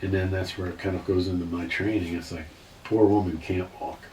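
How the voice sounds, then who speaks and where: A man in his fifties with a very low voice tells his story earnestly, circling back and restarting his thoughts. He sounds set back from the mic in a roomy space with a faint hiss behind him. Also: fairly even intonation, fairly quick, darkish tone, far from the mic. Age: 50s. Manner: earnest, rambling, restarts sentences. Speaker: guest. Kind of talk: emotional personal story.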